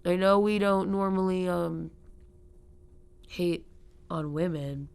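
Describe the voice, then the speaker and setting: A young woman hosting a podcast, telling a story fast, with lots of fillers and swearing. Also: lowish voice, gravelly, darkish tone, clear, resonant tone. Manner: swears freely. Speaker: podcast host. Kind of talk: casual chat.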